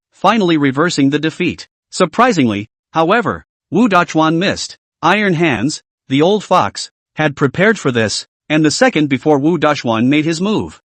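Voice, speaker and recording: A man narrating a story recap in the first person, scripted and brisk. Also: a little high, dry recording.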